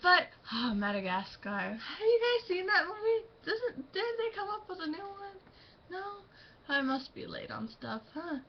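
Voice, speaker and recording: A woman's voice: very high-pitched, sing-song, a little slow, highs cut off, a little hiss or hum. A teenage girl chatting about teachers to her camera, rambling with lots of fillers and breaking into giggles. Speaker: student vlogger. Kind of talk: casual storytelling.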